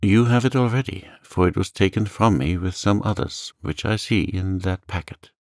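A man voicing an earnest, frightened young sailor in a calm audiobook reading, pleading as he talks. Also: low voice, moderate pace, no room sound, clean studio sound. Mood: earnest, anxious.

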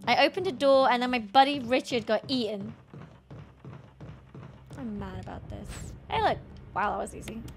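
A woman's voice: fairly high pitch, moderate pace, long pauses, slight background noise. A woman streaming a horror game, chatting to viewers, swearing and screaming at scares. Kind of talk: gaming stream commentary.

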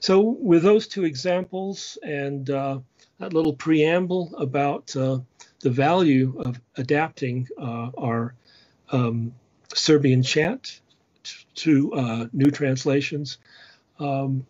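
A man's voice: a little high, slow, darkish tone. A man giving a patient lecture on church music and singing short chant phrases as examples. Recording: dull lo-fi sound.

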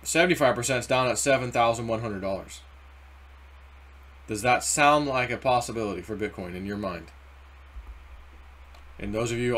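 A man's voice: medium pitch, normal speed, long pauses. Rambling man talking crypto. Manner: rambling, animated, acts out quoted voices. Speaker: crypto video host. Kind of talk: casual market commentary.

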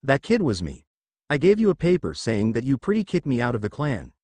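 A man's voice: mid-range voice, wildly swooping pitch, fairly quick, mellow, no echo. A man reading the lines of an arrogant teenage boy who believes he is a god, speaking with scorn and condescension in his own voice. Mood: contemptuous.

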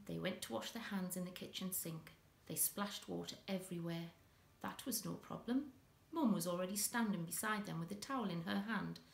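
A woman reading a children's story aloud with an expressive, dramatic delivery, in an echoey room. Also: on the low side, vocal fry.

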